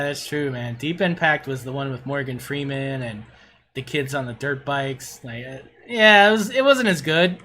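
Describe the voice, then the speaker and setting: A man's voice: a little high, pushed and bright, slight background noise. A middle-aged man on a casual livestream, gushing and swearing as he reviews player builds.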